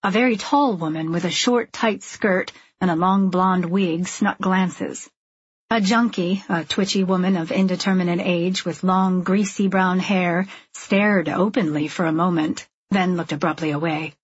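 Husky-voiced woman reading a novel. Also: fairly low pitch, fairly even intonation, measured pace, dry recording, muffled recording. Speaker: audiobook narrator. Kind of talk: scripted narration.

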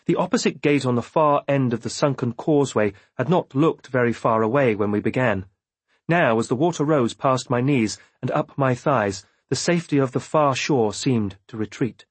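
A man reading a novel aloud in first person with measured, steady storytelling. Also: mid-range voice, husky, no room sound. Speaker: audiobook narrator. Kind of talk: scripted first-person narration.

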